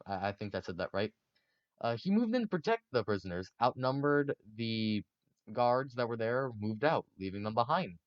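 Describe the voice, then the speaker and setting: A man's voice: medium pitch, clean tone, no echo, highs cut off. A man casually narrating history for a video, rambling and joking with many fillers.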